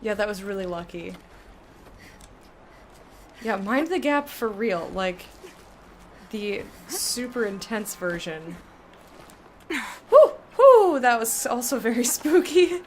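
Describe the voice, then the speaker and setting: A woman's voice: medium pitch, slow, long pauses, a little hiss or hum. A woman giving casual live commentary while playing a video game, chatty and reactive, often laughing and talking to her chat.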